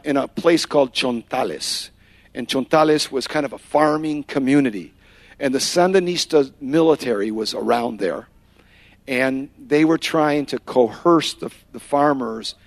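A man's voice: on the high side, dry recording. A man giving a sermon, telling a personal story and acting out the quotes, with Spanish phrases dropped in. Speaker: preacher.

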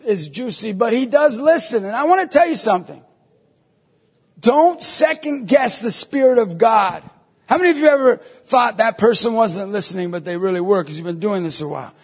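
A man in his thirties giving an emphatic evangelization talk to an audience, telling stories and breaking into shouts. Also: high voice. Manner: emphatic, storytelling, bursts into shouts. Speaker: Catholic evangelist speaker. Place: large hall before an audience. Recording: long reverb of a hall.

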